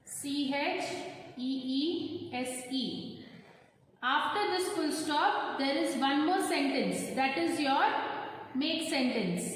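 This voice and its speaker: A woman teacher dictating to young pupils, very slow, spelling every word letter by letter. Her voice sits a little high. The recording is very roomy, with a long reverb and faint noise behind. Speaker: primary school teacher. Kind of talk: classroom dictation lesson.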